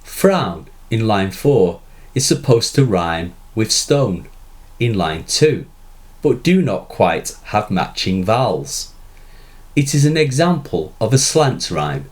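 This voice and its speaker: A male literature teacher talks through a poem at an unhurried pace. His fairly low voice rises and falls in a lively way, and he leans hard on the quoted lines. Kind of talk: scripted lecture narration.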